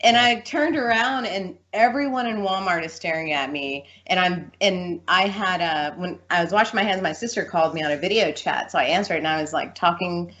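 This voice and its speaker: A woman talking casually as a guest, telling a lively story and acting out the people in it. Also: fairly low pitch, a little fast, few pauses. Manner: animated storyteller, acts out quoted voices. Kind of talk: casual chat. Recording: dull lo-fi sound.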